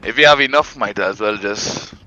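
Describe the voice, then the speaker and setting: A man's voice: fairly low pitch, moderate pace, bright, forceful tone, lo-fi sound. A man playing a game with a friend, talking in brash, slangy casual chat and swearing freely. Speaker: gamer.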